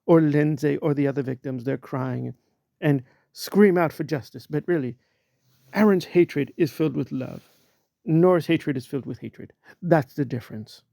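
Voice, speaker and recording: A man mockingly playing a sanctimonious, preachy woman, speaking in a smug, hushed tone. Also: a little high, normal speed, gravelly, dry recording, studio quality.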